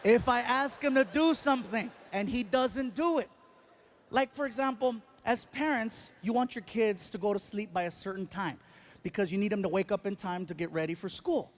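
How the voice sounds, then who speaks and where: A man's voice: sits high, moderate pace. A middle-aged man doing stand-up on a live stage, telling exaggerated stories and punchlines. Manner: animated, exaggerated storytelling with punchlines. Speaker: stand-up comedian.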